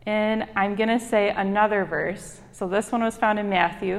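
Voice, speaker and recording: A woman's voice: mid-range voice, steady tone, normal speed, few pauses. A young woman with a Michigan accent, a hospital chaplain giving an informal, chatty sermon with frequent ums and a self-deprecating manner. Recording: long hall reverb.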